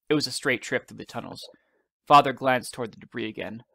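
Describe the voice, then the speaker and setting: Gravelly teacher reading a novel aloud. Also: male voice, mid-range voice, pushed and bright, no echo. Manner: measured storytelling narration.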